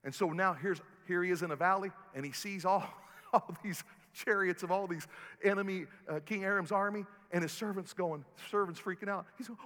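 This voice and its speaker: High, bright-voiced pastor preaching in a hall. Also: male voice, a little fast. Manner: builds to loud preaching peaks, then drops low and soft. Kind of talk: sermon. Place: church sanctuary. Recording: long hall reverb, faint music.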